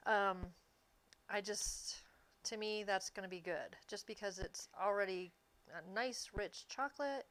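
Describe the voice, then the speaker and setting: A woman with a medium-pitched, slightly bright voice chats casually with viewers while baking on a livestream. The streamer is easygoing and quick to laugh.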